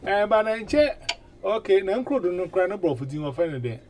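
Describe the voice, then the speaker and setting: Animated man hosting a chat. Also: sits high, a little fast, slight background noise. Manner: animated, with frequent 'eh' fillers and repeated words. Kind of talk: casual chat in mixed languages.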